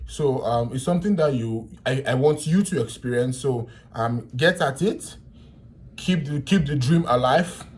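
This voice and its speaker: Young Nigerian man, mid-pitched voice, vlogger telling an animated, laughing story. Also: a little slow, slight background noise. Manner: animated, laughing, swings from loud to quiet. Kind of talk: casual storytelling in pidgin.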